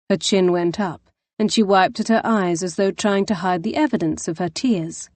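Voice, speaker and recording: A woman narrating an audiobook in a measured storytelling manner. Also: on the low side, darkish tone, no room sound. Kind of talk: scripted narration.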